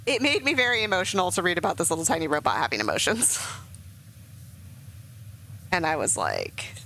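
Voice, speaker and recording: Brief: young woman streamer, rambly casual commentary, lively up-and-down pitch, lowish voice, faint hum behind. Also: rough recording. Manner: rambling, emotional, many fillers.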